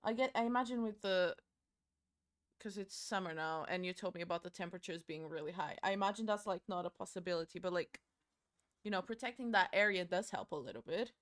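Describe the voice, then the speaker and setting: Doing her makeup on a stream, a young woman from Portugal chats in a Portuguese accent, cursing freely and rambling with playful bursts. Her voice is fairly low and fairly bright, and she talks a little fast.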